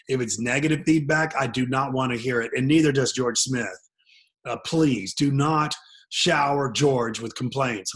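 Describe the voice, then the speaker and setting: A man's voice: mid-range voice, a bit bright. A man hosting a live webinar, jokey and self-deprecating as he tells a closing story. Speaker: webinar host.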